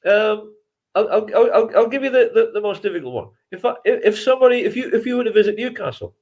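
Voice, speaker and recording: Bloke, slightly high voice, chatty, laughs a lot, keeps restarting sentences. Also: male voice, expressive, quick pace, darkish tone, lo-fi sound. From England. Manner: reflective, rambling, chuckles often, many restarts. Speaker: documentary filmmaker guest. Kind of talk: conversational interview answers.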